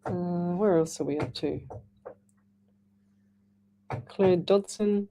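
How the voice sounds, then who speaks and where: Woman, middle-aged, radio psychic host, rambling live chat, low pitch, mellow tone. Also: slow, a little hiss or hum. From Australia. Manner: chatty, rambling, frequent restarts. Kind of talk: live radio call-in readings. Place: radio studio.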